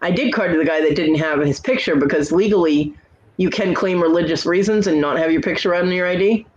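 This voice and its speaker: A woman's voice: on the low side, fairly quick, darkish tone, highs cut off, slight background noise. Chatty woman telling stories casually. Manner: chatty storyteller who acts out quoted exchanges. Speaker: host. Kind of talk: casual chat.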